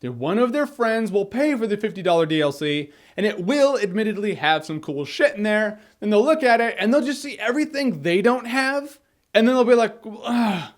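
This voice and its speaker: Young male vlogger, high-pitched, animated opinion rant, salty language. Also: brisk. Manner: animated, swears freely, acts out quoted people. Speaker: video creator. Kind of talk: casual opinion rant to camera.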